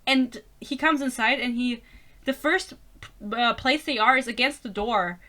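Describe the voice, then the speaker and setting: A woman's voice: fairly high pitch, unhurried, sharp tone. A young woman reviewing a book in a casual rant, sarcastic and exasperated, swearing often and breaking into laughter; English is not her first language.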